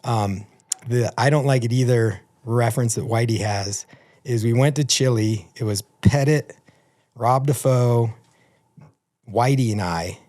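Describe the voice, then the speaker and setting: A man's voice: mid-range voice, unhurried, darkish tone. A man in his fifties telling rambling, profane anecdotes as a guest in a casual podcast chat. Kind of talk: casual storytelling.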